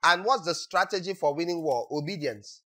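A man preaching a sermon as pastor, acting out quotes and breaking into sudden shouts. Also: fairly high pitch, normal speed.

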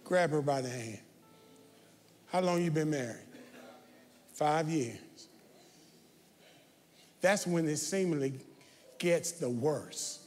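A man preaching a sermon as pastor, talking straight to his congregation and building to shouted, confrontational calls. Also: on the high side, lively intonation, slow pace, long pauses. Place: large church sanctuary. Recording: reverberant church sanctuary.

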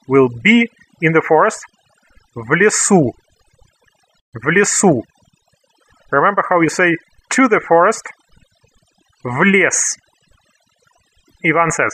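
A man with a Russian accent giving a slow, scripted language lesson, repeating each word clearly for learners. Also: a little high, very animated, fairly bright tone, rough recording. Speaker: language teacher.

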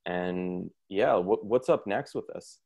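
A man's voice: sits low, takes it slowly, creaky, a little mellow, lo-fi sound. A man hosting a podcast interview, asking rambling questions full of fillers. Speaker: podcast host.

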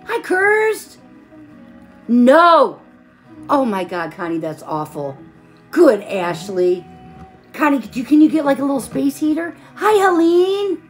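A woman's voice: sits high, big pitch swings, measured pace, darkish tone, faint music behind. A tired woman hosting a live stream, chatting casually while she crafts and greeting viewers by name with pet names.

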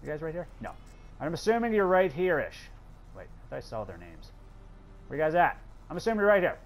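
A man doing casual let's play commentary, excitable, swearing often and talking to the characters on screen. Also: on the high side, brisk, pauses often, faint music behind. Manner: excitable, swears a lot, talks to game characters. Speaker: gameplay commentator.

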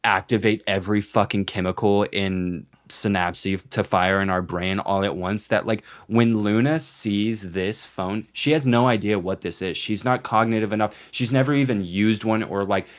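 A man's voice: fairly low pitch, fairly even intonation, moderate pace, few pauses. A young man in his twenties, co-hosting a podcast, rambling in casual chat with lots of swearing and filler words. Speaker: podcast co-host.

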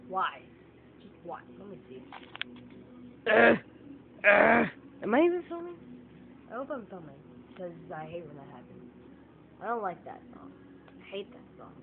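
Animated woman ranting on a tinny phone. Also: lowish voice. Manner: animated, exasperated, emphatic repetition. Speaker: vlogger. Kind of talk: casual opinion rant to camera. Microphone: phone camera. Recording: tinny lo-fi phone audio with faint noise.

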